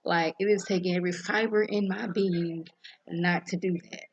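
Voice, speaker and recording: Animated woman recapping a show. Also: on the low side, normal speed, husky, muffled recording. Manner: animated, acts out characters' lines. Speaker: TV episode reviewer. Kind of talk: casual episode recap.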